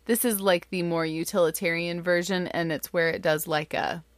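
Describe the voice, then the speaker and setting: A woman in her thirties, a mother, telling a family story in an animated, chatty way with lots of fillers. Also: lowish voice, normal speed, no room sound. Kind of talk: casual storytelling.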